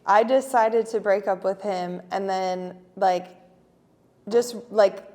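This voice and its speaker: A woman's voice: mid-range voice, steady tone, slow pace, a little mellow. Woman, 20s, podcast co-host, casual chat, frank, chatty. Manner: chatty, frank, many "like" fillers.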